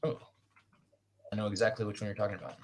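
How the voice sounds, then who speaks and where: A man's voice: on the low side, little pitch movement, fast talker, creaky, slight background noise. A man hosting a writers' livestream over a video call, chatty and self-deprecating, joking as he goes. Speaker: livestream host. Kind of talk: casual chat.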